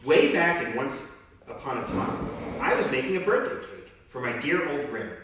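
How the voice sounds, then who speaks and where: A man's voice: mid-range voice, very animated, moderate pace, recorded from a distance, noisy background, close to an everyday voice. A man reading as a wolf telling his own side of a children's story in a chatty, conversational way. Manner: conversational first-person storytelling. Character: grown male wolf, chatty, self-justifying. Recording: very echoey room, off-mic.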